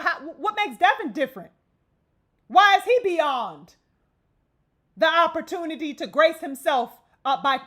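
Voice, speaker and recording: A woman's voice: high voice, fairly bright tone. A woman hosting a live boxing stream and delivering a fiery, profane, emphatic rant. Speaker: boxing channel host.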